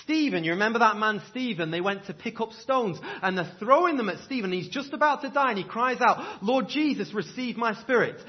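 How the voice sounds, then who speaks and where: A male pastor delivering an impassioned sermon in a church, his voice swinging between loud declarations and hushed appeals. His pitch sits a little high for a man and moves a great deal. The recording is dull and lo-fi. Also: animated, brisk, few pauses.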